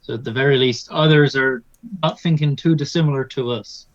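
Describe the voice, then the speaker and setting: A man's voice: medium pitch, fairly quick. A man playing a tabletop game in character, reasoning aloud in a thoughtful way. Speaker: player. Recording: dull, dry lo-fi audio.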